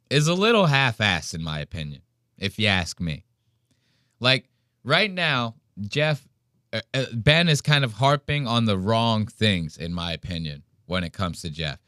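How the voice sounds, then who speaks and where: A man's voice: on the low side, sing-song, unhurried, pushed and bright, no room sound, clean studio sound. A man hosting a podcast, ranting and mocking a clip in profane casual commentary. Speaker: podcast host reacting to a clip.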